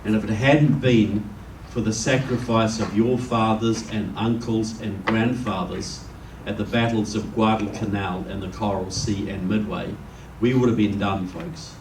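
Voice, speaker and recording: A man's voice: fairly low pitch, steady tone, measured pace, hardly any pauses. New Zealand man giving a joking speech. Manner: folksy, joking storyteller. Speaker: guest speaker. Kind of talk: public speech to a live audience. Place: meeting room with an audience. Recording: roomy, distant, faint background noise.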